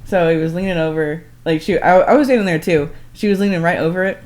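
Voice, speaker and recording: A woman's voice: on the low side, fairly even intonation, quick pace, darkish tone. A woman co-hosting a podcast, telling a story in casual chat, laughing often and filling her talk with "like". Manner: chatty, laughing, lots of "like". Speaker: podcast co-host.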